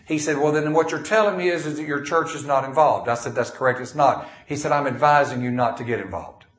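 A man's voice: mid-range voice, fast talker. A man preaching a sermon, telling folksy stories and reading scripture in King James wording. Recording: echoey room.

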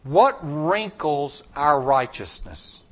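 A man's voice: a little high, sing-song, slow pace, a bit bright. A man preaching a sermon in a church, emphatic and repetitive, with folksy jokes.

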